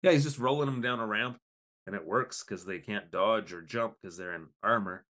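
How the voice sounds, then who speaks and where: A man co-hosting a podcast, chatting casually as he recaps an episode and jumps into quick put-on voices for the characters. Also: on the low side. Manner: animated, acts out lines in quick voices. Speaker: podcast co-host.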